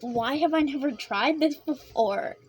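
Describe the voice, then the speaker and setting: A woman vlogging a casual snack taste-test, excitable and giggly, chatting while she eats with her mouth full. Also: high voice, a little slow, a little hiss or hum.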